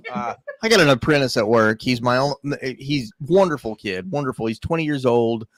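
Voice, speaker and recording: A man's voice: medium pitch, animated, brisk, fairly bright tone, no echo. A man co-hosting a podcast over an online call, telling crude, rambling stories and laughing as he goes. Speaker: podcast co-host. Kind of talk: crude casual chat.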